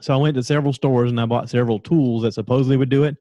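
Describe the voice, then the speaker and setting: Podcast guy rambling thru a story, does little voices for people, laughs at himself, mid pitch, dry close sound. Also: steady tone, very fast, mellow, no room sound, lo-fi sound. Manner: chatty storyteller who acts out quotes, laughs at himself. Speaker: podcast host. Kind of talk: casual solo podcast monologue.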